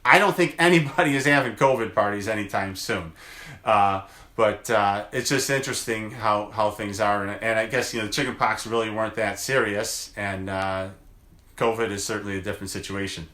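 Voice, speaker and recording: An American chiropractor chats casually in a daily video, telling rambling family stories loaded with fillers. His lowish voice is bright and forceful at a normal speed, and the recording is reverberant.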